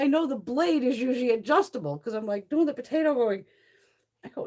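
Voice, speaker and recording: Talking fast with a breathy edge and a somewhat high voice, a middle-aged beauty vlogger chats casually. Her animated stories are loaded with swear words and laughter.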